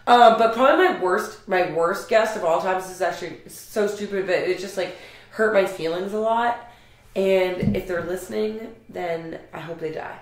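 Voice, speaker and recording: A woman co-hosting a casual podcast, telling lively stories about customers, swearing and laughing as she talks. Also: lowish voice, moderate pace. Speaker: podcast co-host. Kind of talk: casual storytelling chat. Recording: very echoey room.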